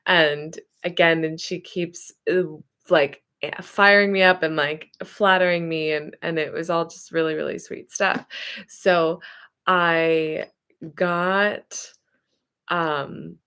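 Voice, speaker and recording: A woman's voice: lowish voice, steady tone, takes it slowly, fairly bright tone, clean tone. A woman therapist telling a personal story in a casual, chatty way, rambling and correcting herself as she goes. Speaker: therapist and hypnotherapist.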